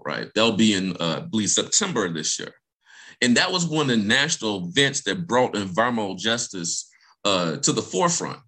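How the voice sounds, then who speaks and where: A man giving a passionate guest talk in a medium-pitched voice. He speaks emphatically, repeating key phrases for effect. He often checks in with his listeners as he goes. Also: pushed and bright. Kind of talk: passionate presentation.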